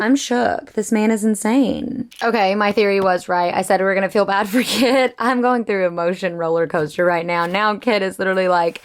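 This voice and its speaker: A woman's voice: medium pitch, normal speed. A young woman in her twenties chatting casually in a reading vlog, reacting dramatically and gushing about a book. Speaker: book vlogger.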